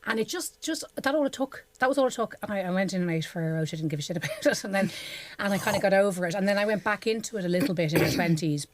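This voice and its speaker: A woman's voice: medium pitch, expressive, racing, dry recording. A woman, co-hosting a podcast and telling frank, sweary stories about herself. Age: 40s. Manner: frank, sweary, confessional storytelling. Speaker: podcast co-host. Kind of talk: casual chat.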